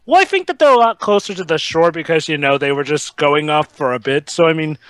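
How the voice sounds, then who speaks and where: A man's voice: on the high side, lively intonation, fairly bright tone, clean tone, dry recording. A man co-hosting a casual movie commentary in a playful, joking way. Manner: playful, quick to joke. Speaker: podcast co-host.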